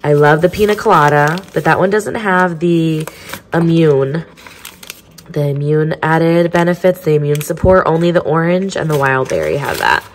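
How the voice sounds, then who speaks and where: Woman vlogger, nasal with a head cold, lowish voice, chatty and upbeat. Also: animated, normal speed, a little hiss or hum. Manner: chatty, upbeat, many fillers. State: stuffy nose from a cold. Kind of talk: casual vlog chat.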